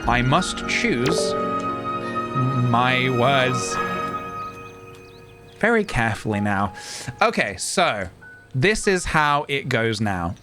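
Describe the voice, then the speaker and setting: A man streaming a game live, talking in a wry, deliberate way and choosing his words carefully. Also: medium pitch, sing-song, loud music behind the voice.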